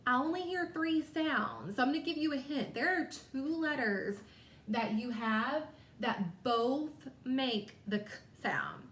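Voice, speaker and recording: A woman teacher leading a phonics lesson, stretching words out slowly and sounding each letter carefully. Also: on the high side, a bit bright. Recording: echoey room.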